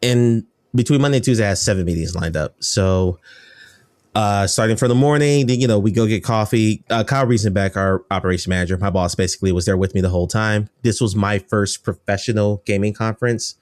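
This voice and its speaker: Low-voiced, dry-sounding American games journalist. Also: male voice, brisk, dry recording. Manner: rambling, self-correcting, enthusiastic. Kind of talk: casual podcast chat.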